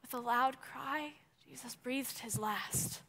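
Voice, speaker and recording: A young woman, a student performer, reciting memorized scripture in turns with a partner, swelling from hushed to ringing. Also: high voice, slow pace, creaky. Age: young adult.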